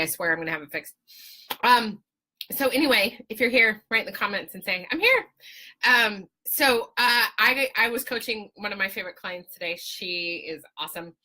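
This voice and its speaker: A woman's voice: mid-range voice, bright, forceful tone. A woman hosting a live video stream from home on a webcam, chatting with viewers in a casual, profane way.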